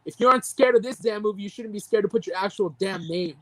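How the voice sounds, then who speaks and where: Young podcast co-host, indignant profane rant, mid-pitched voice, heated delivery. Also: fast, bright, forceful tone, dry recording, rough recording. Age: young adult. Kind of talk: ranting movie-review reaction.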